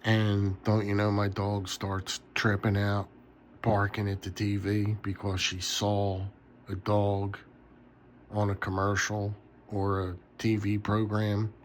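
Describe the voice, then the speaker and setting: A man's voice: lowish voice, completely flat delivery, takes it slowly, a little hiss or hum. A tired man rambling casually in a late-night vlog from his bedroom, yawning often. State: sleepy. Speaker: knife collector vlogger.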